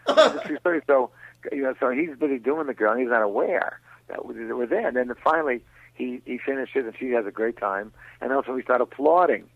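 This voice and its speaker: A man's voice: medium pitch, lively intonation, brisk, gravelly, dry recording, phone-quality sound. A man guesting on a radio interview, telling stories and mimicking other people's voices.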